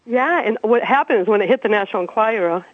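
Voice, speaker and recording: 50-something lady from massachusetts, chatty and animated storyteller, tinny dry phone sound. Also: on the high side, quick pace, dry recording. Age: 50s. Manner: chatty, animated, laughs while telling stories. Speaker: interview guest. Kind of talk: casual storytelling.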